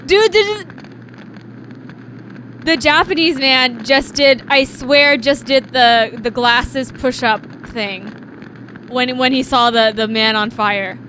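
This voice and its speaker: A woman's voice: high voice, takes it slowly, bright, forceful tone, slight background noise. A young woman streamer giving playful, giggly let's-play commentary while reading game dialogue aloud.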